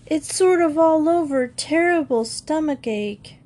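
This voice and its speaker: A woman's voice: big pitch swings, slow pace, darkish tone, heavily acted. A woman voicing a whiny young boy who groans and wails, pretending to be sick. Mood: pleading. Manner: groaning, high and wailing. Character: boy faking a stomach ache, whiny.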